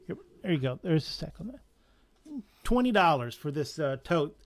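A man's voice: a little high, sing-song, normal speed. A man with a Southern accent running a live comic shop sale, chatty and joking as he prices items. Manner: chatty, chuckling, jokey asides. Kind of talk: casual live sale patter.

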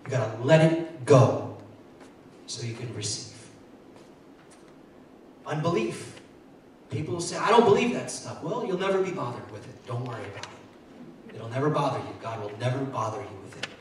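An earnest male pastor preaching, stumbling over repeated words and rising into excited bursts. His voice comes from a distance in a very echoey church hall. A faint hiss sits under it. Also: medium pitch, moderate pace, pauses often. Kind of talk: sermon. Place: church sanctuary. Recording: echoey hall, mic far off, faint noise.

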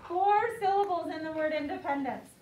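A woman teaching second graders, saying words slowly and clearly for the class to repeat. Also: sits high, heavy background noise. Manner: slow, clear call-and-response teaching. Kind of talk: classroom vocabulary lesson. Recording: echoey classroom mic from far off.

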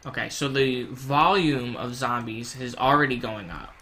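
A young man giving casual, rambling gameplay commentary at home, swearing freely and yelling in panic when things go wrong. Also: mid-range voice, unhurried, a little hiss or hum. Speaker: gaming YouTuber.

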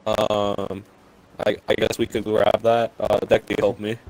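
A man's voice: lowish voice, monotone, a little slow, gravelly, a little mellow, low-quality recording. A young man bossing a friend around while they play a game together, swearing and exasperated. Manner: profane, bossy and exasperated. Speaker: gamer. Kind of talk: casual co-op gaming chat.

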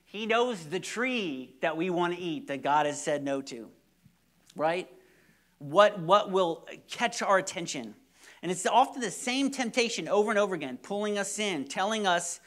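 A man's voice: sits high, lively intonation, normal speed, a bit bright. A young man preaching a sermon, telling stories animatedly with repeated words and sudden drops to near-whispers. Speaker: pastor.

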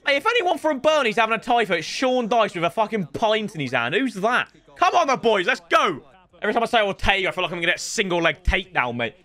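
A young man commentating his own football video game to viewers, sweary and excitable. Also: sits high, fast talker. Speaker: gaming streamer. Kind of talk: live gameplay commentary.

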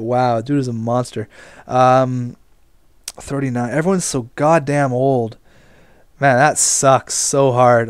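A man's voice: medium pitch, a little mellow, clean tone, dry recording, studio quality. A young man giving casual gameplay commentary as he manages a hockey team, talking to himself, getting frustrated and swearing. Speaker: gaming commentator.

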